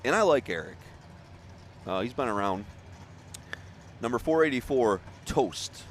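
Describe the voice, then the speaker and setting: Male derby announcer, middle pitch, laid-back joking delivery, live outdoor track hum. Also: expressive, measured pace. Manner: chatty, joking, laughs often. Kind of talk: live play-by-play commentary.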